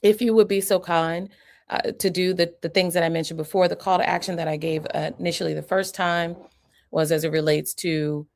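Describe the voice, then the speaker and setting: A woman psychiatrist giving a live-streamed teaching talk, calm and deliberate, modeling soothing phrases as she coaches. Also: fairly low pitch, creaky.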